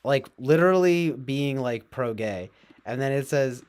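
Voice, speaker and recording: A man's voice: animated, normal speed, darkish tone. A man streaming live, reading news aloud and reacting with casual, sarcastic commentary. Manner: sarcastic, swings into mocking high voices.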